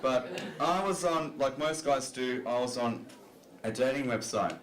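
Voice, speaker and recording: A man's voice: medium pitch, measured pace, a crowd in the background. Chatty stand-up comic man in a club. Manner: conversational, self-deprecating, lots of "you know" fillers. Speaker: stand-up comedian. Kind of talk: stand-up comedy set. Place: comedy club stage with audience. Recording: roomy club recording.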